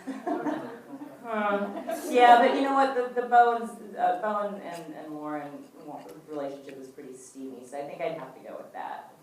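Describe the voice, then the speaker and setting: A woman's voice: lowish voice, normal speed, crowd noise. A woman, an actress at a fan question session, telling a chatty anecdote and acting out the quoted lines in between fillers. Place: event hall before an audience. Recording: echoey hall from far off, faint noise.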